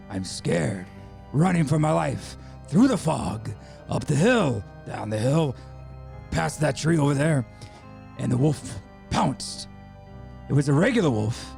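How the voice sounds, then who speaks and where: A man playing a boastful werewolf with a growling, gravelly voice who drawls and calls people baby, in an improvised radio comedy. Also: fairly high pitch, big pitch swings, measured pace, a little mellow, heavily acted. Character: boastful male werewolf, laid-back 1970s hipster. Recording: music playing behind. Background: music.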